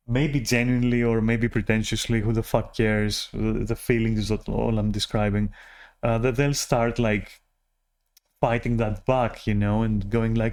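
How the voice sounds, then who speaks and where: A man's voice: fairly low pitch, smooth. A man vlogging a rambling personal rant, frustrated and profane, often restarting his sentences.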